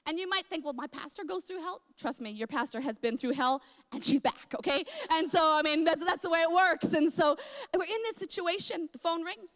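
A woman's voice: very high-pitched, brisk, fairly bright tone. A woman pastor preaching a sermon, telling a personal story with dramatic emotional swings. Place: large church hall. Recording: echoey church hall.

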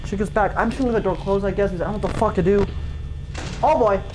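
A woman's voice: medium pitch, racing, over music, poor audio. A woman giving let's-play commentary on a horror game, panicky, swearing and talking to herself with sudden yelps. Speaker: gamer.

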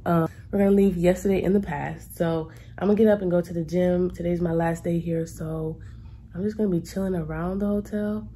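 A young adult woman vlogging to camera, telling a story in a casual, animated and exasperated way with colloquial asides. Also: fairly low pitch, a little fast, a little hiss or hum.

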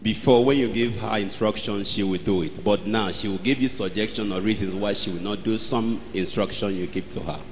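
A man from the congregation telling a story haltingly, with many restarts, in a church hall. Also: lowish voice, steady tone, a little hiss or hum. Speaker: congregation member asking a question.

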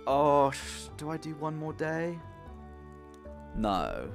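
A young man streaming a farming game, who swings from loud outbursts to low muttering. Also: very animated, takes it slowly, vocal fry, faint music behind. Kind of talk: live gameplay commentary.

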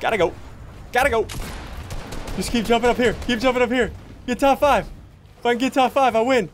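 A young man giving jokey, excitable commentary while playing a video game. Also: very high-pitched, a little fast, a little hiss or hum. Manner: excitable, jokey, yelps and laughs mid-play. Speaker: gaming channel host. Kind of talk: live gameplay commentary.

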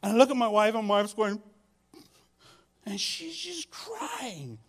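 Animated male pastor preaching. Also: sits high, a little slow, husky. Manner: animated storytelling, repeats phrases, swings between loud and soft. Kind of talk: sermon. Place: church sanctuary.

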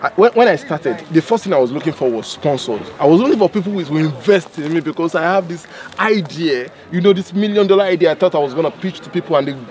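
A man's voice: fairly high pitch, animated, quick pace, hardly any pauses, a little mellow. Emphatic Nigerian man urging others on. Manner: emphatic, repeats phrases. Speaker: content creator guest. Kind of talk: casual motivational talk.

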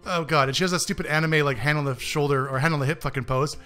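A man's voice: on the high side, fairly even intonation, quick pace, pushed and bright, soft background music. A man hosting a game review, giving sarcastic, ranting commentary full of swearing as he plays. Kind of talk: profane gameplay commentary.

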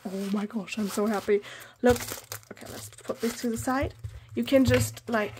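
A woman chatting through an unboxing of planner stationery, gushing with excitement and often dropping to a whisper. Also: on the high side, normal speed, background noise. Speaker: planner vlogger. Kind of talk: casual haul unboxing.

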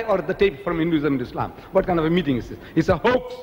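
Man preaching all fired up, highish voice, echoey hall, a bit of room hum. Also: expressive, quick pace, hardly any pauses. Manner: impassioned, mimics others in raised voice. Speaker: Islamic preacher. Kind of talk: animated religious lecture. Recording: reverberant hall, faint ambience.

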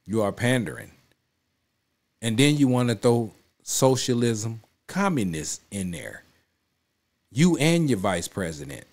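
A man's voice: medium pitch, very animated, a little slow, darkish tone. A man hosting a reaction video, talking in an emphatic, repetitive, casual way and often checking in with his listeners. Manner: emphatic, repeats himself, keeps saying "you know what I'm saying". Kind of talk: casual spoken commentary.

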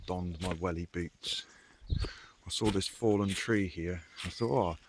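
A man's voice: low voice, fairly even intonation, slow, background noise. A man chatting enthusiastically as a bushcraft vlogger while foraging in woodland. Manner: chatty, enthusiastic, plain-spoken. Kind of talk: casual outdoor narration. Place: outdoors in woodland.

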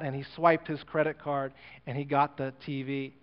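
In a church sanctuary, a male pastor tells a sermon story, acting out the dialogue and building to an earnest appeal. His clear, resonant voice is on the high side, level in tone and moderately paced. The recording is muffled, with long reverb.

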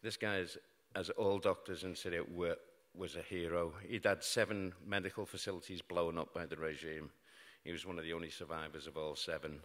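The speaker is a middle-aged British man with a British English accent, storytelling on stage to a live audience in a large hall. His voice is low and a bit bright, with fairly even intonation, a slightly fast pace and hardly any pauses as he relates a true, grim story with wry, self-mocking humour. Long reverb fills the recording from the live hall.

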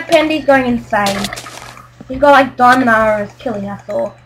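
A woman hosting a gaming video, talking through her play in a casual, excitable way and yelling when frustrated. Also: fairly high pitch, moderate pace, background noise. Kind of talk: casual game commentary.

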